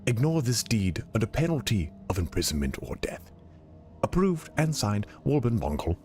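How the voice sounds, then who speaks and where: A man's voice: on the low side, very animated, moderate pace, warm tone, faint music behind. A man putting on a pompous British gnome herald. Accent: British, put on. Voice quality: stiff, formal proclaiming cadence. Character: male gnome herald proclaiming a deed, pompous. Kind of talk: in-game text read aloud in a put-on voice.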